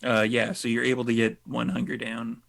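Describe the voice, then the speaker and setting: A man running a tabletop role-playing game as its game master. His gravelly voice delivers the narration in a dry, offhand way. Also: mid-range voice, completely flat delivery, a little fast, a bit bright.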